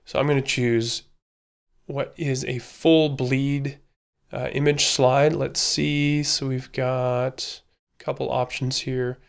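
A man at an ordinary middle pitch walks through a screen-recorded tutorial. He thinks aloud in an easygoing way, with lots of ums and uhs as he works, like an instructor showing his own process. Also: slow, creaky, smooth. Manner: relaxed thinking aloud, many fillers.

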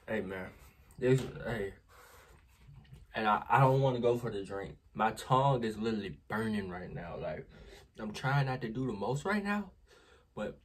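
A man chatting casually to his viewers in a vlog, recorded on a phone camera. His voice is husky and his pitch jumps up and down a lot as he exclaims and speaks straight to the audience. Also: animated, slow pace, long pauses. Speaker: vlogger.

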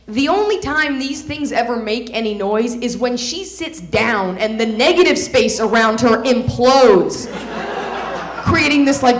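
A young adult woman performing a stand-up comedy set on a club stage, sarcastic and putting on voices for the people in her stories. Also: a little high. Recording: roomy club sound.

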